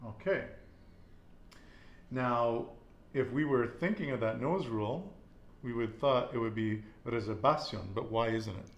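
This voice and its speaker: A man's voice: mid-range voice, a little slow, pauses often, highs cut off. Patient man teaching Spanish in an echoey room. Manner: patient, repeats words and asks questions. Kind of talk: casual language lesson.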